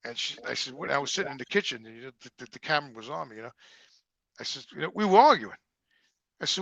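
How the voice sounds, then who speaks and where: A middle-aged man with a New Jersey accent, telling profane, animated stories in a casual interview and acting out the dialogue. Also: mid-range voice, fast, gravelly, no room sound. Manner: profane, animated storyteller who acts out quoted dialogue. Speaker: guest.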